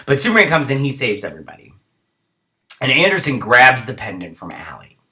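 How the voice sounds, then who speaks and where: A man talks through a TV episode in a loose, rambling recap. He briefly acts out the characters in quick voices as he goes. His voice is bright and forward, with a medium pitch. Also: big pitch swings. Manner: chatty with lots of fillers like "he's like". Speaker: show host reviewing a TV episode. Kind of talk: casual spoken episode recap.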